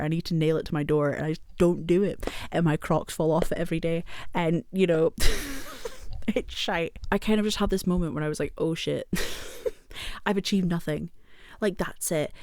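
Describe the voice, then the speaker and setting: A young British woman talks into her camera at home in a loose, rambling vlog, cursing casually and poking fun at herself. Her voice sits a little low for a woman. The sound is close and dry, with almost no room echo. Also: darkish tone. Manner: rambling and self-deprecating, swears often, laughs a lot. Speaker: vlogger.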